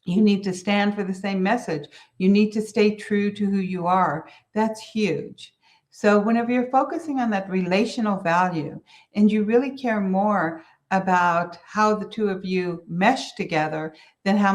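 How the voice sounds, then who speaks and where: A woman business coach giving earnest, conversational advice, circling back to repeat her key points and mispronouncing a few words. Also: medium pitch. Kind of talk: solo business advice talk.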